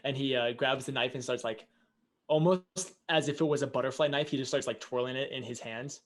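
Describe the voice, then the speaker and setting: Casual, halting male game master. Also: medium pitch. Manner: casual, halting description with many fillers. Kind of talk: narrating a tabletop game.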